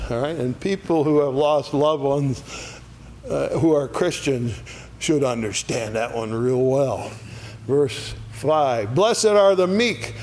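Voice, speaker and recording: A man's voice: on the high side, slight background noise. A man teaching an adult Sunday school Bible lesson in a church classroom, folksy, often checking in with "all right?". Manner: folksy, asks "all right?" after each point.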